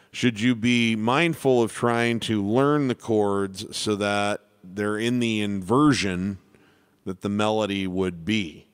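A man's voice: fairly low pitch, clear, resonant tone, no echo. A man running a casual live piano Q&A lesson, rambling and self-deprecating, with many restarts. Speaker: piano teacher.

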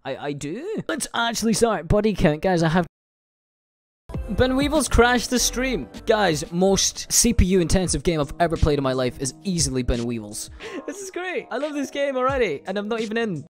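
Excitable young streamer. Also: male voice, high-pitched, moderate pace, faint music behind. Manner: excitable, laughs often, swears casually. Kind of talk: live gaming stream commentary.

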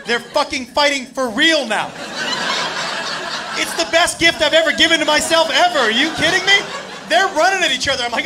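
A man telling a loud, profane story as a stand-up comedian, acting out the people in it. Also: extremely high pitch, lively intonation, fairly quick. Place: comedy club stage with laughing audience. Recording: live club recording with crowd noise.

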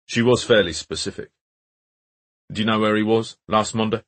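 A man's voice: lowish voice, fairly even intonation, normal speed, pitched above the performer's own voice, lightly acted. A man voicing a blunt, persistent male detective who asks direct, pressing questions. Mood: probing.

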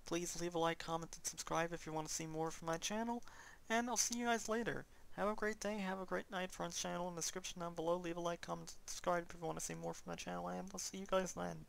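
A man's voice: sits high, fairly even intonation, fast talker, gravelly, fairly bright tone. A young man rambling earnestly and heartfelt in casual chat over his let's play commentary.

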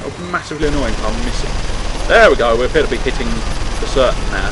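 A man's voice: mid-range voice, animated, quick pace, noisy background. A man commenting on his gameplay in a chatty, wry way, swearing often. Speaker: let's play host. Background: game sounds and music.

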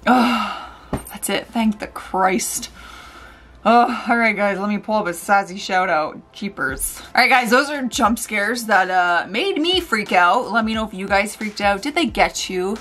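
A woman hosting a casual reaction vlog, sassy and animated, with loud outbursts and slow mutters. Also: mid-range voice, soft background music. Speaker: YouTube reaction host.

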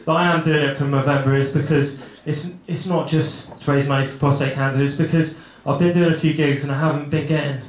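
A man's voice: fairly high pitch, steady tone, brisk, hardly any pauses. A young man doing a stand-up set on a club stage, awkward and rambling, swearing freely and mocking himself. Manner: awkward, rambling, self-deprecating, swears a lot. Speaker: stand-up comedian. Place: comedy club stage with a live audience. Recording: echoey room with loud crowd laughter.

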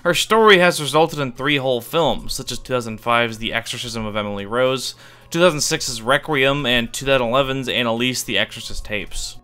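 A man's voice: mid-range voice, brisk, pushed and bright, smooth, faint music behind. A man reading a scripted video narration in an offhand, wry way, dropping casual asides and the odd swear word for comic effect. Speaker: YouTube iceberg explainer.

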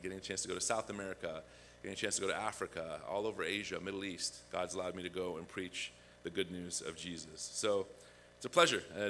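A man's voice: deep voice, slight background noise. A man preaching a conversational sermon as a guest pastor, telling a personal story. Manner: conversational, animated when acting out quotes. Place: church.

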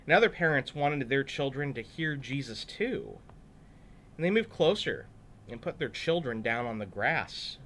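Man telling a kids' story, animated, chatty, lively pitch, mid voice. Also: a little hiss or hum. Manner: animated, chatty, asides to kids. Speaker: pastor. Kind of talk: children's story reading.

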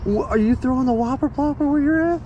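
Excitable man fishing outdoors. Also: very high voice, fast talker, lo-fi sound, slight background noise. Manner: excitable, exclaiming, repeats himself. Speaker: fishing vlogger. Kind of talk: casual fishing commentary. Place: outdoors on a lake.

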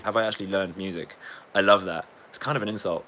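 A man's voice: low-pitched, steady tone, fast, sharp tone, slight background noise. A man and beatboxer chatting casually on a live stream. He rambles, jokes, swears freely and often breaks into laughter. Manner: rambling, jokey, swears a lot, cracks up laughing.

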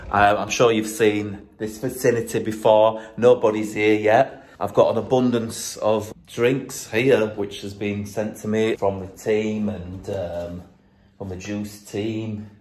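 A middle-aged TV show host rambles through a casual video diary in a studio dressing room backstage, filmed on a handheld phone, joking and poking fun at himself. His lowish voice is level, slow and a little mellow, with a slight hiss or hum on the recording.

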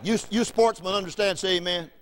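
Folksy preacher, high voice. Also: male voice, brisk. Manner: folksy, wide swings from loud to hushed. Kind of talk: storytelling sermon.

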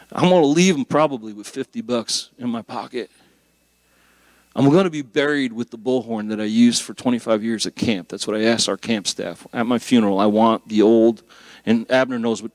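A middle-aged man preaching a sermon as a guest pastor, conversational and animated, with jokes and rising emphasis. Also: medium pitch, normal speed, dry recording.

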